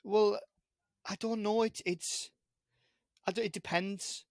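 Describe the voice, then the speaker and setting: A man's voice: high voice, fairly even intonation, slow pace, creaky, no echo, clean studio sound. A man with a strong British accent, chatting playfully as a podcast guest over a video call. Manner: teasing, chatty, with stumbling restarts. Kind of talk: casual chat.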